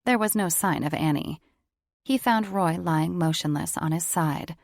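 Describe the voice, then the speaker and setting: A woman narrating an audiobook with steady, measured storytelling. Her voice sits a little low with a gravelly edge. The recording is dry and close to the mic. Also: dry recording.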